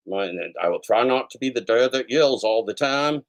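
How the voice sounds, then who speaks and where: A man's voice: mid-range voice, expressive, normal speed. Profane ranting man hosting a show. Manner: profane, ranting, swings to soft apology. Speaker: host of a daily show. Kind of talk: casual livestream rant.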